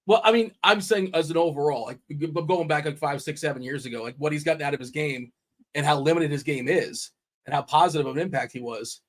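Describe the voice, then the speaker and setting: Lively, rambling male sports show host. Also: on the high side, fast talker. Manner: animated, rambling, laughs often. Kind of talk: casual sports chat on a livestream.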